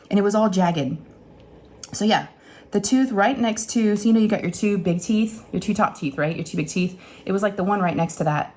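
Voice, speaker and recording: A middle-aged woman telling a casual, chatty story straight to her viewers, animated and often acting out what people said. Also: mid-range voice. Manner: chatty, animated retelling with acted-out quotes and laughs. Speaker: crafting channel host.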